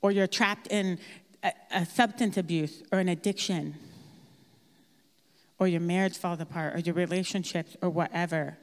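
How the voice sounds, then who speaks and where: A woman's voice: lowish voice, steady tone, moderate pace. A woman giving a slide talk, candid and chatty with a self-deprecating humor. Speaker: speaker at a grief workshop. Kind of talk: presentation with slides. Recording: hall reverb.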